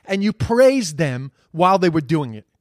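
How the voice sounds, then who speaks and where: A man with a sing-song voice on the high side reacts to social media posts at normal speed. The recording is dry and studio-clean, and his rant is heated, profane, and repetitive as he gets worked up.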